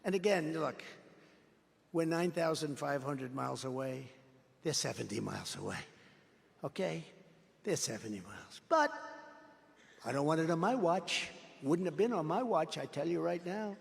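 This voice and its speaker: Gravelly man giving a rambling rally speech. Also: on the high side, expressive, moderate pace, long pauses, big-room sound. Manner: boastful, repetitive, rambling storytelling. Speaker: political speaker.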